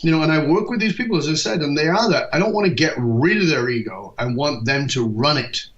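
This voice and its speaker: A man in his fifties from England, a leadership speaker telling stories in an interview and acting out quoted dialogue. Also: a little high. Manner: lively, acts out quoted dialogue, quick asides. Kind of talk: storytelling interview talk. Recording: dull lo-fi podcast recording.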